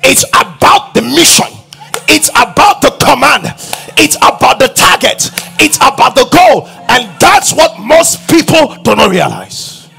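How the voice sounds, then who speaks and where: A raspy, high-pitched pastor in middle age drives his sermon with shouted commands. His voice is husky and gravelly as he drills the congregation like soldiers. Faint music sits under the live church sound. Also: sing-song, a little slow. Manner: shouting, acts out mocking quotes in low mumbles. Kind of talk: energetic sermon.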